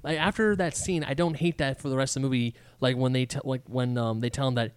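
A man in a casual film discussion, talking in an animated way and acting out scenes in quoted voices. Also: medium pitch, fast talker, smooth, no echo.

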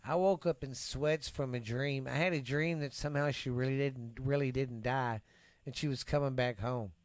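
Texan man, middle-pitched, rambling cussing storyteller on a close, dry mic. Podcast host. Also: steady tone, normal speed, no room sound. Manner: rambling storyteller, swears freely, trails off with fillers. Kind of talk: casual podcast chat.

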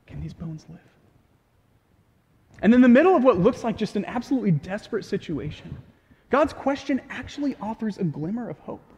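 A man's voice: sits high, animated, quick pace, a little mellow. A man preaching a sermon in a casual, conversational way with light humor. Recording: long hall reverb.

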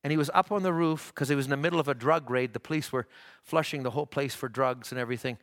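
A pastor preaching a sermon in church, rising to fervent shouts, with frequent halting restarts. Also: male voice, medium pitch.

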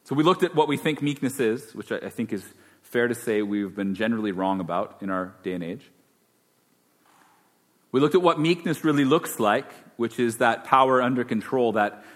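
A man preaching a sermon as pastor, conversational and then emphatic. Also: mid-range voice. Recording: long hall reverb.

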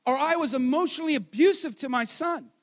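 A married man preaching a sermon with loud, energetic delivery, dropping into quiet self-mocking asides. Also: very high-pitched, fairly quick, big-room sound. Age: adult, married. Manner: swings between shouting and quiet asides. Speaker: pastor.

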